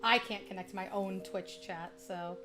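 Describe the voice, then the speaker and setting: A woman's voice: mid-range voice, fairly even intonation, normal speed, music in the background. A woman streamer from Chicago with a Midwestern accent, chatting casually and bubbly with viewers while playing at home. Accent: Midwestern American (Chicago). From Chicago, USA. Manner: bubbly, chatty, talks straight to viewers, easily sidetracked. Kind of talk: casual livestream chat while gaming.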